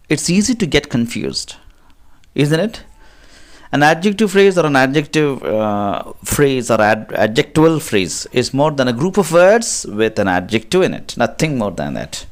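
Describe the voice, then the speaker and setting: A man with an Indian English accent teaching an English grammar lesson. He reads word lists slowly and repeats words with rising and falling pitch.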